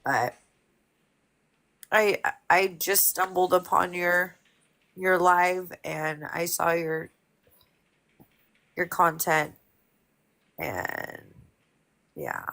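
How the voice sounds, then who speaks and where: A woman in her forties, speaking as a guest on a live stream, candid and emotional, talking haltingly. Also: on the low side, animated, fairly bright tone. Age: 40s. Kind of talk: personal conversation.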